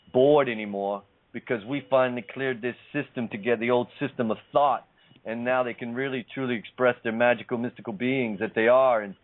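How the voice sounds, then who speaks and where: Man, host, emphatic and repetitive, preachy, tinny phone-line sound, mid pitch. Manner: emphatic, repeats phrases, preachy. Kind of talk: casual spiritual talk show.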